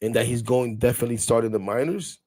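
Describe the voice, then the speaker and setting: A man's voice: mid-range voice, quick pace, creaky, mellow, a little hiss or hum. Blunt rambling male sports show host. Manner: rambling, blunt, swears casually, addresses viewers. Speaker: podcast host. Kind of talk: casual live sports talk.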